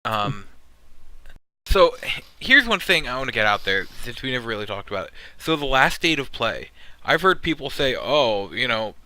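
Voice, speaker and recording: A man hosting a casual gaming podcast, talking in an animated way and swinging his pitch up when telling stories. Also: normal speed, rough recording. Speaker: podcast host.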